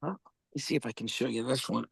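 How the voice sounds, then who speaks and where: This older company founder pitches wellness products on a video call, rambling through casual stories, repeating himself, and often saying "okay?" and "all right?". He talks fast in a mid-range voice that's a bit bright, with vocal fry and a breathy edge, and there's no room sound.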